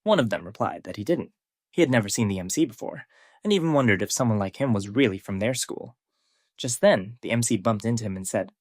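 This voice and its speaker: Man, story recap narrator, even delivery, dry close sound. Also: mid-range voice, fairly quick, dry recording. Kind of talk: scripted narration.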